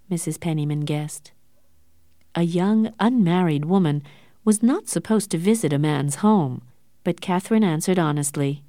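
A woman narrating an audiobook in a clear, measured storytelling manner. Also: fairly low pitch, mellow, no echo, clean studio sound.

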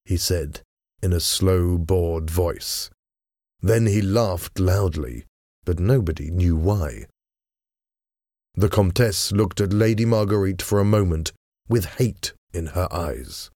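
A man narrating a story in a measured, even reading voice. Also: low-pitched, no echo, studio quality.

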